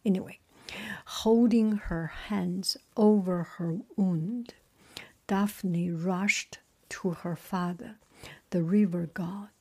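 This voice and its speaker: Very slow whispering woman storyteller. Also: on the low side, steady tone, darkish tone, breathy edge. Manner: mostly whispered reading with asides.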